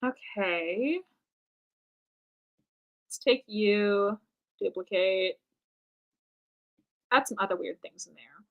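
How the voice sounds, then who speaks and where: A woman's voice: medium pitch, very slow, pauses often, phone-quality sound. A young American woman chatting casually on a drawing live stream, rambling and self-mocking, with lots of ums and trailing thoughts. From United States. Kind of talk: casual chat while drawing.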